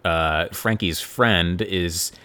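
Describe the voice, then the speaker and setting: Low-voiced man rambling about a film. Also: pushed and bright, clear, resonant tone, dry recording. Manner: halting, many fillers and restarts. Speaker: podcast co-host. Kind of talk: casual film review chat.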